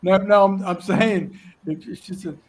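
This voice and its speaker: Excitable guest: a man with a Delaware accent, fairly high voice, laughs and stumbles, faint noise behind. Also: measured pace. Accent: Delaware, near Philadelphia. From Wilmington, Delaware. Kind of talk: casual chat.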